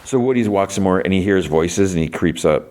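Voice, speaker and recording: A man with an extremely low, deep voice talks through a story recap in a relaxed podcast style. His delivery is rambling and loose, with "like" dropped between nearly every phrase. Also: brisk. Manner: rambling, heavy use of "like". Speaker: podcast host. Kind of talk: casual episode recap.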